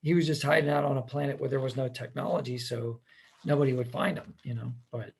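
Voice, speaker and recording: A man hosting a podcast in casual chat, easygoing and agreeable, trailing off softly. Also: mid-range voice, steady tone, fast, creaky, husky. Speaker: podcast host.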